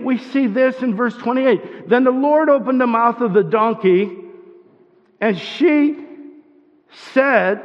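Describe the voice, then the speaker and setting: High-voiced man preaching in a hall. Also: muffled recording. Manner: conversational, asks the audience questions, restarts often. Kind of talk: sermon.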